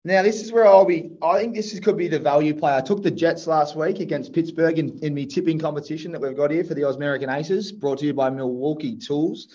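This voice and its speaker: A man's voice: fairly high pitch, fast, hardly any pauses, warm tone, highs cut off. An Australian man co-hosting a podcast, talking sports picks in an enthusiastic, chatty way. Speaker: podcast co-host. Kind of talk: casual sports chat.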